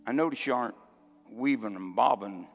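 A man preaching a sermon as a pastor, building to shouted peaks. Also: mid-range voice, brisk, creaky, in a large hall, soft background music. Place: church.

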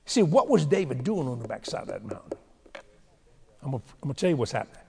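A male preacher delivering a sermon with humorous, animated storytelling, recorded in a large hall with a long reverb. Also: medium pitch, fast talker, gravelly, slightly rough.

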